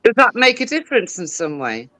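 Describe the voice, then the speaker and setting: A woman's voice: mid-range voice, very animated, brisk, sharp tone, no room sound. A woman arguing on a live podcast panel. She pushes back bluntly and sounds exasperated. Her voice is close and dry. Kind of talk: heated live podcast debate.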